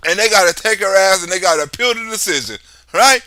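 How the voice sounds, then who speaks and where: A man's voice: high-pitched, fast talker, bright, forceful tone, no echo. A man hosting a livestream, talking in a loose, profane political rant, laughing often. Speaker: livestream host.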